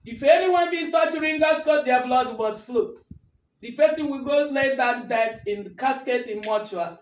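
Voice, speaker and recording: Shouting Nigerian woman, defiant rant. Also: high-pitched, normal speed, roomy sound, slight background noise, poor audio. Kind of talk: angry rant to camera.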